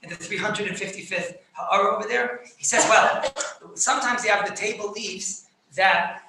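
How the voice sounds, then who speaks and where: A man, a rabbi, teaching a halachic class over a video call, excitable and repetitive, laughing as he explains and sprinkling in Hebrew and Yiddish terms. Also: high-pitched, moderate pace. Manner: excitable, repeats phrases, laughs while explaining. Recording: echoey, distant, faintly noisy video call.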